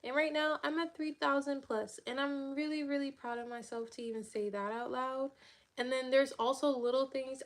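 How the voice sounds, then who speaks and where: A woman hosting a casual livestream, chatting upbeat and loose with lots of fillers, talking straight to her viewers. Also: high-pitched. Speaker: livestream host.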